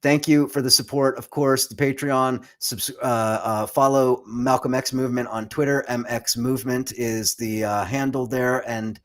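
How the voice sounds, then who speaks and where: A man hosting a political commentary livestream, talking in a conversational way with quick asides and the odd stammered restart. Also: mid-range voice, steady tone. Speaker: livestream host.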